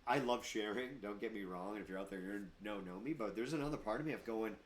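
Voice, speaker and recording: A man's voice: on the low side, fast, a little hiss or hum. A middle-aged man, a martial arts instructor and gym owner, chatting casually on a podcast and acting out quoted voices with emphasis.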